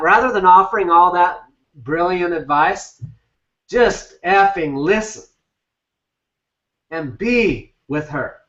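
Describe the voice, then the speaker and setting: A man's voice: sits high, a little slow, a bit bright, reverberant. A male relationship coach giving a live talk on a group call, blunt and emphatic with casual swearing. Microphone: video call. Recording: distant, dull lo-fi call audio.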